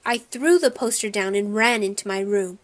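Brief: female narrator, children's audiobook, lively first-person read. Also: medium pitch, normal speed. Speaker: audiobook reader.

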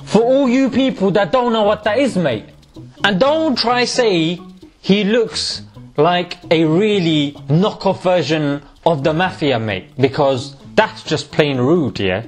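A man's voice: sits high, lively intonation, takes it slowly, faint music behind. A man hosting a casual, mocking commentary on hate comments, tossing in "mate" again and again. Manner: sarcastic, mocking, peppers speech with "mate". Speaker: YouTube host.

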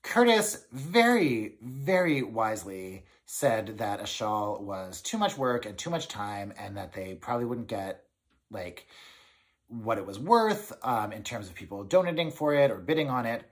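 A man hosting a knitting podcast, chatting casually to camera in an excitable, rambling way with many fillers. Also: on the low side, a little slow.

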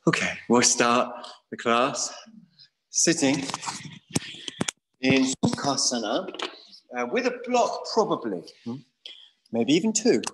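A man teaching a yoga class in a Buddhist centre studio, relaxed and joking about himself as he guides the students. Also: mid-range voice, slow, pauses often, background noise. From England. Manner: relaxed and jokey, self-mocking asides.

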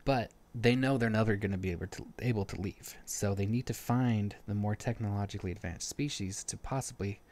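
A man with a fairly low voice talks through a book's story in a relaxed podcast chat. He explains events step by step, often restarting his sentences and padding them with fillers. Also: brisk, few pauses. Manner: retells plot at length with frequent restarts and fillers. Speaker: podcast co-host. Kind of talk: casual book discussion.

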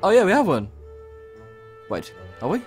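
A man's voice: high voice, huge pitch swings, moderate pace, soft background music. Chatty man narrating a game. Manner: chatty, reads game dialogue aloud with playful exclamations. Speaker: let's play host. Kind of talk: casual gameplay commentary.

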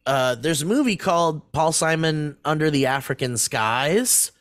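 A man in his thirties co-hosts a podcast, rambling through a casual story with lots of swearing and laughter. His voice is a little high and fairly bright, at a measured pace, recorded at studio quality with no echo.

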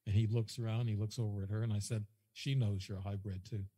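Husky man telling a rambling story. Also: on the low side, level tone, quick pace, warm tone, long reverb tail. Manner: rambling, repeats himself, quotes dialogue. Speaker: guest. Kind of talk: casual storytelling.

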